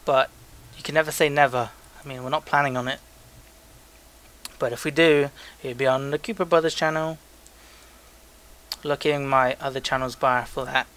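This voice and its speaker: A man's voice: mid-range voice, steady tone, moderate pace, pauses often, fairly bright tone. A young man co-hosting a casual podcast, reading listener emails aloud in a joking, loose way with frequent stumbles. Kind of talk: casual chat.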